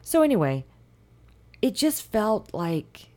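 A woman in casual conversation, chatty and expressive, sometimes trailing off while searching for words. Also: mid-range voice, slow pace. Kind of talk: casual chat.

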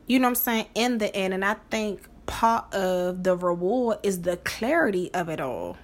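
A woman's voice: mid-range voice, lively intonation, moderate pace. A woman hosting a podcast in a casual monologue, profane and emphatic, repeating phrases for effect. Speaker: podcast host.

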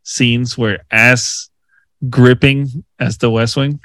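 Male co-host, halting casual talk, dry close sound. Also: mid-range voice, steady tone, fairly bright tone, no echo. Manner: halting, lots of fillers. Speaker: podcast co-host. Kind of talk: casual chat.

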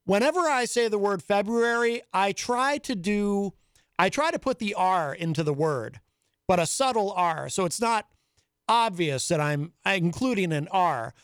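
Man, radio talk host, high voice, chatty and rambling, dry close studio sound. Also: fairly bright tone, dry recording. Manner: chatty, rambling, self-amused. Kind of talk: casual monologue. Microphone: studio microphone.

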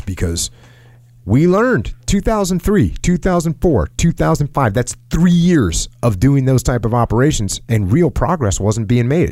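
A middle-aged man in a casual podcast talk, reading from an article and acting out quotes with lively jumps in pitch. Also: no room sound, studio quality. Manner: animated storyteller, acts out quotes in a raised pitch. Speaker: podcast host.

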